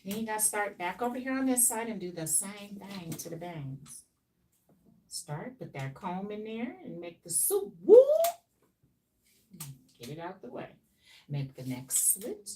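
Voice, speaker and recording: Unhurried and sing-song, a woman with a medium-pitched, slightly mellow voice chats playfully with her stream viewers while styling hair. The distant, off-mic recording carries faint background noise.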